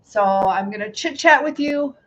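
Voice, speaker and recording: A woman's voice: medium pitch, lively intonation, moderate pace, highs cut off, slight background noise. A woman hosting a cooking livestream in her home kitchen, chatting casually and rambling to viewers while she cooks. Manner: chatty, rambling, greets viewers, laughs often.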